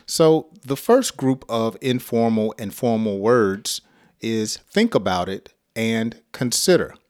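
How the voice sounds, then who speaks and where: An American man teaching an English lesson, speaking slowly and deliberately with light chuckles. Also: lowish voice, expressive, a little mellow. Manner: slow, deliberate and clearly spoken, with light chuckles.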